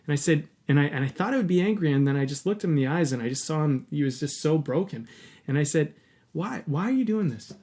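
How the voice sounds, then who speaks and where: An earnest man with a slightly higher voice tells a personal story on a podcast. He talks openly and casually, with the odd swear word. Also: fast talker, dark tone. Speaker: podcast host.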